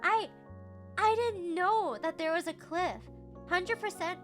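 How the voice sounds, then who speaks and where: A woman's voice: extremely high pitch, slow pace, soft background music. A young woman streamer chatting casually, bubbly and giggly, with casual swearing. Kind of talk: casual chat.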